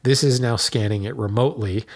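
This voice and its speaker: A man's voice: medium pitch, fairly quick. A man hosting a solo podcast, talking casually and explaining things with plenty of ums and self-corrections. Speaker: podcast host.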